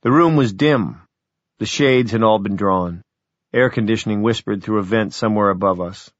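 A man reading a novel aloud as audiobook narrator, measured and even. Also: lowish voice, no room sound. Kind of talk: scripted narration. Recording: dull, dry audiobook recording.

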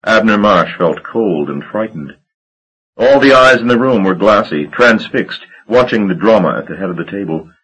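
A man reading a gothic novel aloud as an audiobook narrator, in a measured, dramatic storytelling manner. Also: fairly low pitch, animated, a bit bright, dull audio. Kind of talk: scripted narration.

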